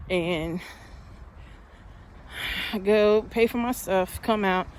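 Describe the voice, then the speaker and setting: A woman's voice: medium pitch, slow pace, a little hiss or hum. Breathless woman vlogging while walking. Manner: chatty storytelling, heated when upset. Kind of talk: casual walking vlog. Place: outdoors, walking.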